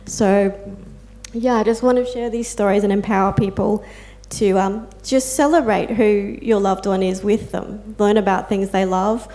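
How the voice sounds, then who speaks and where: Una mujer con acento australiano habla como voluntaria de apoyo entre pares, contando historias personales con sentimiento y muletillas. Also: female voice, mid-range voice, steady tone, normal speed, warm tone. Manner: heartfelt storytelling with fillers and quoted asides. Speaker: peer support volunteer and carer speaking on a panel. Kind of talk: personal talk to an audience.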